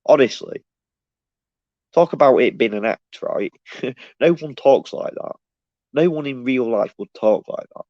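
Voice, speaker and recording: A man's voice: medium pitch, expressive, measured pace, long pauses, dry recording. A man talking casually on a live stream, rambling and restarting his sentences as he answers the chat. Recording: dull, dry lo-fi sound.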